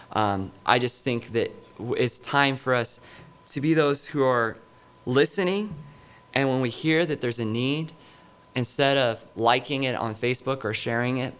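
A man's voice: mid-range voice, a bit bright. A middle-aged male pastor giving a sermon in a conversational, storytelling way, with many fillers and restarts. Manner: conversational, anecdotal preaching with frequent fillers.

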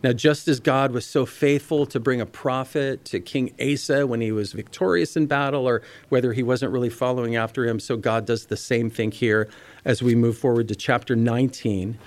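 A man's voice: mid-range voice, steady tone, moderate pace, no echo. Male pastor, bible teaching sermon, reads passages then talks them through, speaks straight to the congregation, dry close sound. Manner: conversational, reads scripture and explains it, addresses listeners directly.

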